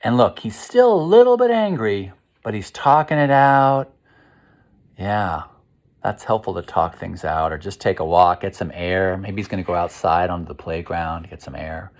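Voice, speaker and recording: A man reading a picture book aloud to children, stopping often to ask them gentle questions and lead breathing pauses. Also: low-pitched, lively intonation. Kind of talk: interactive read-aloud for kids.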